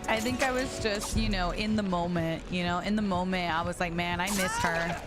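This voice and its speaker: A woman's voice: lowish voice, steady tone, fairly quick, loud music behind the voice. A young woman streaming a game, chatting casually and reading messages from her chat with frequent giggles.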